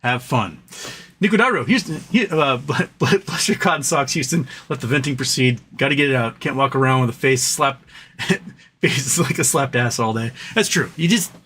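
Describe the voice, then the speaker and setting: A man's voice: medium pitch, lively intonation, normal speed, fairly bright tone, a little hiss or hum. A man hosting a livestream from his home office, venting in frustration with swearing and frequent stumbling restarts. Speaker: livestream host.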